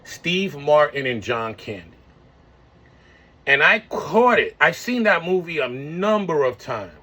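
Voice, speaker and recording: A man's voice: on the high side, sing-song, slow pace, bright, forceful tone. Man in his forties rambling in slang. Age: 40s. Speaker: vlogger. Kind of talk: casual monologue.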